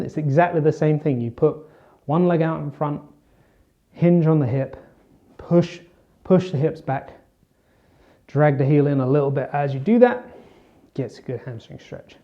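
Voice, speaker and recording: Speaking a little slowly with long pauses, a man with a fairly high voice comes through on audio with the highs cut off. He's a fitness coach, casually chatting as he demonstrates stretches in an instructional session.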